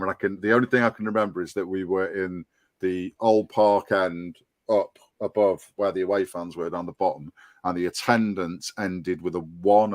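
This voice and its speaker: A man's voice: deep voice, no room sound. A man of about fifty with a Scouse accent, talking earnestly and rambling in a casual podcast chat, full of restarts and ums. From Liverpool and North Wales. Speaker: podcast guest, fan board applicant.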